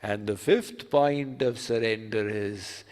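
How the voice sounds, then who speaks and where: A man giving a sermon as a spiritual teacher, teaching slowly and deliberately through told stories. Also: lowish voice, darkish tone, long reverb tail.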